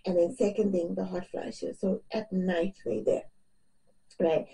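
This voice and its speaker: A woman's voice: medium pitch, fairly even intonation, a little slow, vocal fry, warm tone, far from the mic, rough recording. A middle-aged woman, chatting casually to camera as a vlogger. She laughs often and her voice keeps cracking on the edge of tears.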